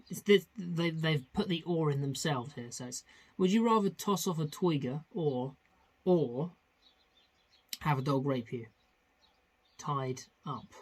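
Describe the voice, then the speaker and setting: A man's voice: medium pitch, breathy edge. A man hosting a comedic vlog, talking in a rambling, crude way with frequent restarts. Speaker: vlog host. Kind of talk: casual comedic vlog chat.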